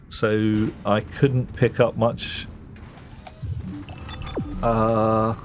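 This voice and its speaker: Chatty man streaming a game. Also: fairly low pitch. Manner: chatty, reads chat aloud, swears mildly. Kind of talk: casual gameplay commentary. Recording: game music loud underneath.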